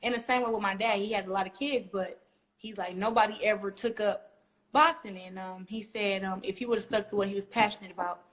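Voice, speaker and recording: A young woman from Flint, Michigan, talking casually as an interview guest, animated and acting out quotes as she tells stories. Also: mid-range voice, a little fast. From Flint, Michigan, USA. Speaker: guest boxer.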